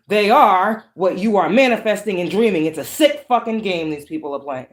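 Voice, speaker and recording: A woman's voice: medium pitch, fairly quick, hardly any pauses. Woman tarot reader, preachy and profane, roomy echo. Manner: profane, preachy, shifts between calm and harsh. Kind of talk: spiritual reading monologue.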